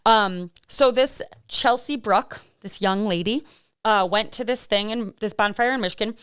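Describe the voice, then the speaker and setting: A woman's voice: medium pitch, moderate pace, a bit bright, clear, resonant tone, dry recording, studio quality. A woman, co-hosting a podcast and telling true-crime stories in a rambling, chatty way with frequent laughs and fillers. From American Midwest. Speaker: podcast co-host. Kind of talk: casual true-crime chat.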